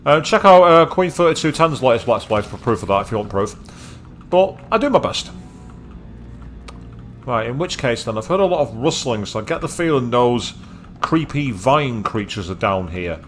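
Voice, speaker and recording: A man's voice: medium pitch, lively intonation, moderate pace, fairly bright tone, soft background music. A man from Manchester, casually commenting while streaming a game, with chatty, wry asides. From Manchester, England. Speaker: let's play streamer.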